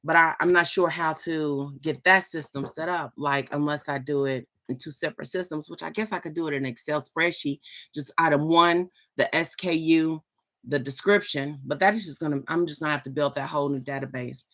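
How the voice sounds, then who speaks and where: A middle-aged woman talks to her viewers in a casual vlog. Her voice sits low, and she rambles in a chatty, enthusiastic way. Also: fairly even intonation, brisk, fairly bright tone. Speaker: vlogger. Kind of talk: casual chat.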